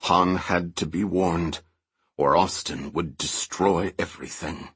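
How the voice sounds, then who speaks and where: A man narrating an audiobook with steady, even storytelling. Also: low-pitched, slow pace, breathy edge, no echo. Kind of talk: scripted narration.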